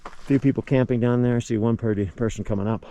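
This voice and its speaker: A man hiking up a steep, high mountain trail, slightly out of breath and narrating with cheerful awe as he climbs. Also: fairly even intonation, fast talker, dark tone. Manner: breathless, awed and cheerful, talking to himself on the climb. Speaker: trail runner vlogger. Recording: outdoor camera audio with clear background noise.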